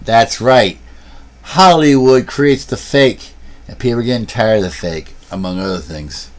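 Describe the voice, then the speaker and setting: A man's voice: mid-range voice, unhurried. A man streaming and vlogging, talking casually and telling a long story with restarts and asides, filmed on a handheld camera. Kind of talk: casual rambling livestream talk.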